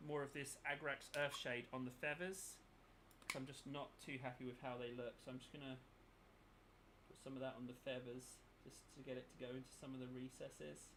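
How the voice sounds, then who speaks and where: Against a noisy background, a man with a creaky, mid-range voice talks casually while painting for his miniature painting channel. He's thinking out loud and muttering to himself as he works.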